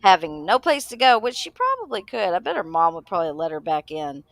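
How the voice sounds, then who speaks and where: A woman's voice: lowish voice, sing-song, a little fast, vocal fry, a bit bright, dry recording. A woman co-hosting a livestream, giving gossipy, sarcastic commentary in casual chat. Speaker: livestream co-host.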